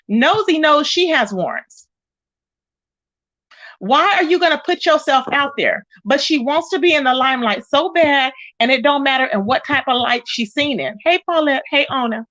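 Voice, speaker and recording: A woman hosting a casual live gossip stream, greeting viewers by name and retelling the drama with lively quoted voices. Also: high voice, normal speed, no room sound, highs cut off. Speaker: host of a live gossip channel. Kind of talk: casual livestream chat.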